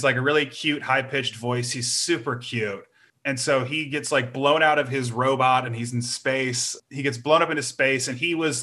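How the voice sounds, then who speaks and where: A man's voice: medium pitch, sharp tone. A young man talking casually, rambling with many fillers and restarts. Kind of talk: casual chat.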